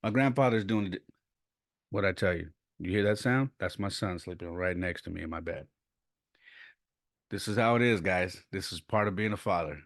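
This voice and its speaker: A man's voice: low voice, moderate pace, dry recording, clean studio sound. Man telling stories on a podcast. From San Jose, California. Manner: rambling, conversational, with restarts and laughs. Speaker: podcast host. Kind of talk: casual storytelling monologue. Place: bedroom at home, child sleeping nearby.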